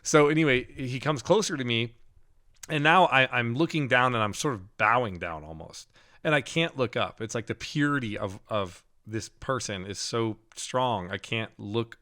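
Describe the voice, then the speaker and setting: A middle-aged man on a podcast, telling a personal story in casual talk, with frequent laughs and halting restarts. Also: medium pitch, pushed and bright. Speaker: podcast co-host.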